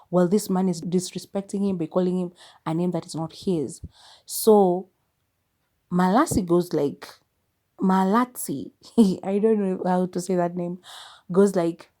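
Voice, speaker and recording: A woman's voice: on the low side, normal speed. A woman from South Africa hosting a podcast, chattily recapping a film and retelling its scenes in quoted dialogue. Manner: animated storytelling, retelling scenes with quoted lines. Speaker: podcast host reviewing a film.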